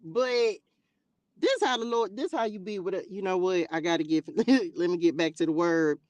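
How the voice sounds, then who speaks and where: A woman hosting a livestream who reads scripture and adds animated, slangy, joking commentary. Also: lowish voice, normal speed, no echo. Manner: animated, laughing, slangy asides. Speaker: livestream host reading scripture. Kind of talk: bible reading with casual commentary. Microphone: livestream mic.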